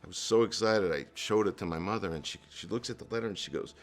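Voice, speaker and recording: Here a middle-aged man from New Jersey, USA, talks fast in a low-pitched voice. The entrepreneur guest shares his life story earnestly during an interview, with fillers and restarts along the way.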